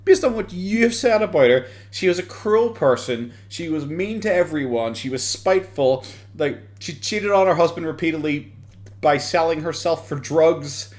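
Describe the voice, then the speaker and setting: A tipsy Irish man with a Dublin lilt rants and rambles, swearing and snorting with laughter as he mocks what he is watching. His voice sits a touch higher than most men's. The talk is loose, slurred-edged commentary. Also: animated, moderate pace. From Ireland. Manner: ranting, mocking, swears often, laughs between lines. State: drunk.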